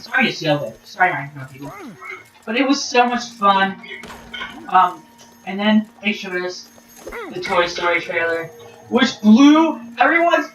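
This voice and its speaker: A woman vlogger excitedly recapping an event in a rambling, casual way, full of fillers and acted-out quotes. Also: fairly low pitch, normal speed, pauses often. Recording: roomy, distant, noisy.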